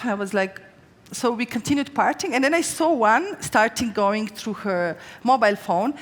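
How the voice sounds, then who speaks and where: Her voice a little high and animated at a moderate pace, a woman chef, natively Slovene-speaking, chats through stories while cooking live on a large hall's stage. She uses many fillers and restarts, and the hall's long reverb is audible.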